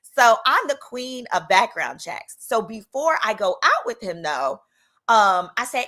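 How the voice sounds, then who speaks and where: Bright, animated woman telling stories. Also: on the high side, unhurried. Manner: animated, playful, acts out quoted voices. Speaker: attorney and channel host. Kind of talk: casual comedic storytime.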